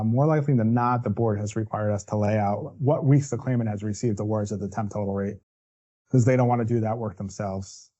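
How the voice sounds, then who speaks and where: A workers' compensation defense attorney presents a legal webinar, walking through the steps one by one and checking in with asides like "right?". His voice is mid-range and mellow.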